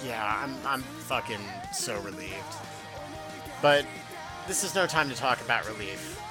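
A man's voice: mid-range voice, expressive, a little slow, loud music behind the voice. A man co-hosting a podcast in casual chat, laughing and swearing often, with many restarts. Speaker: podcast co-host.

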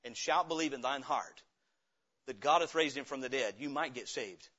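A man preaching a sermon, swinging from loud, emphatic lines to low, quiet ones. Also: normal speed, highs cut off. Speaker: pastor. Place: church sanctuary.

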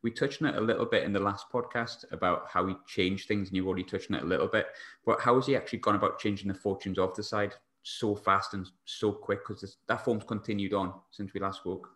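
A man hosting a podcast, asking questions in a relaxed, hedging way. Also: on the low side, fast, hardly any pauses. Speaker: podcast host. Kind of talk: casual podcast interview. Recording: echoey room.

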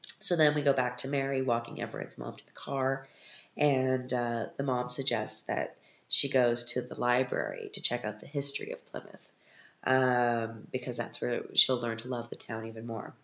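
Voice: medium pitch, moderate pace, vocal fry, bright, forceful tone, echoey room, highs cut off. A podcast host giving a casual, sarcastic recap of a film, sounding exasperated with it.

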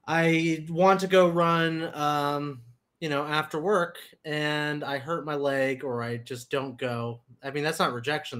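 A man's voice: medium pitch, fairly bright tone. Joking man hosting a casual chat. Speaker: podcast host.

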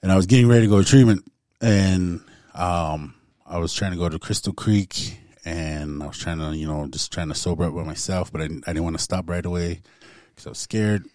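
Man, very low voice, dry close sound, laid-back storytelling, lots of "man" and "like". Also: fairly quick, darkish tone, no echo. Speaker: guest storyteller. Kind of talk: casual spoken storytelling.

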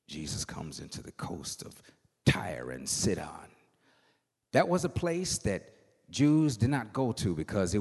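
Husky-voiced preacher with dramatic shouts. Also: male voice, deep voice. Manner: dramatic swings from hushed to shouted, singsong cadence. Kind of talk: sermon. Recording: long hall reverb.

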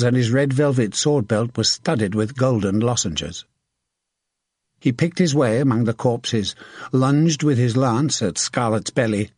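Audiobook narrator, man, husky and steady, dry close recording. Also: mid-range voice, no echo. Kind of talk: scripted narration.

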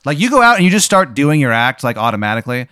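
Deadpan man spinning a profane hypothetical. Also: fast talker, clean tone, dry recording, clean studio sound. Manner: profane, deadpan, drops to low murmurs for effect. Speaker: podcast host posing a hypothetical. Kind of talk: casual comedic storytelling.

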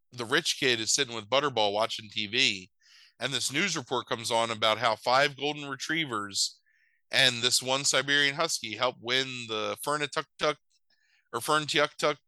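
Brief: man, bright sharp tone, dead-dry room, crude and animated recap. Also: unhurried, clean tone, no room sound, low-quality recording. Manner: animated, swears a lot, jumps into silly high voices for characters. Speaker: podcast host recapping a movie. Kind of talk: casual comedic chat.

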